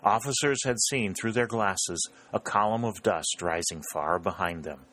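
A man with a very low voice reads a book aloud as its narrator. His delivery is steady and measured, keeping an even storytelling pace from line to line. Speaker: audiobook narrator. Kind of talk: scripted narration of a historical war novel.

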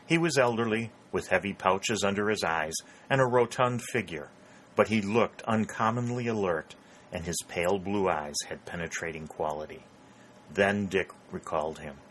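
Deep-voiced man narrating an audiobook. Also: a little hiss or hum. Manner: steady, measured reading. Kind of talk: scripted narration.

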